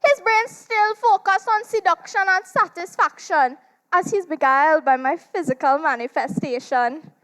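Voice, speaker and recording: A woman with a Trinidadian accent performing a theatrical monologue as a seductive demon woman with a cloven hoof. She draws her words out slowly and teasingly, and her loudness rises and falls sharply. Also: very high voice. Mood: sly, teasing. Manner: teasing, slow and drawn out, big swings in loudness. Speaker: stage performer in a dramatized literature competition.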